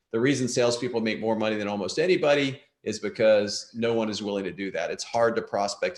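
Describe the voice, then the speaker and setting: A man in his fifties giving a candid, self-deprecating motivational talk to an audience, often restarting his sentences. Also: on the low side. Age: 50s. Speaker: guest speaker. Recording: echoey room.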